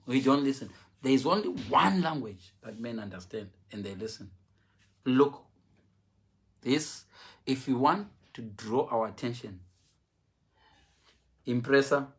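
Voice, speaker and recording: Animated preacher man. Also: mid-range voice, a little slow, long pauses. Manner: animated, mixes English and Shona, acts out quotes. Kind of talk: humorous sermon.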